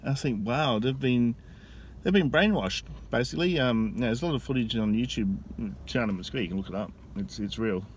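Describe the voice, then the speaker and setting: A man rambles through a story for his vlog, stopping and restarting his sentences as he goes. His voice sits at an ordinary pitch for a man. He is recorded on a phone outdoors, with faint street ambience behind him. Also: slight background noise. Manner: rambling, halting, with frequent restarts. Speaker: vlogger.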